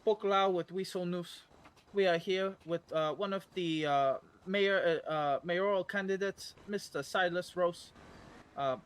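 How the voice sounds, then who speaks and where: Man as a bumbling field reporter, high-pitched, halting, full of fillers. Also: a bit bright, smooth. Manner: halting, filler-heavy questioning.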